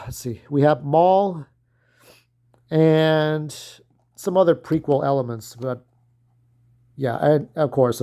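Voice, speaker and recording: Rambling man with a higher voice. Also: a little mellow. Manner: rambling, loses track of names, many fillers. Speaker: fan commentator. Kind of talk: casual rambling commentary.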